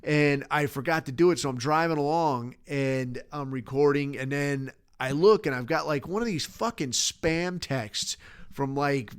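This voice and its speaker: A man's voice: fairly high pitch, a little slow, smooth. A man hosting a podcast, ranting alone in a rambling, profane, sardonic way. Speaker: podcast host. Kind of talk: casual solo rant.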